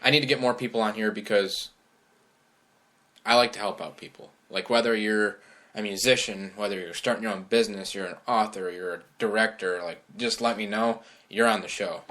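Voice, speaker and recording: A man's voice: on the low side, fairly even intonation, a little fast, sharp tone. A man hosting a casual podcast, blunt and laughing often, who swears freely. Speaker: podcast host.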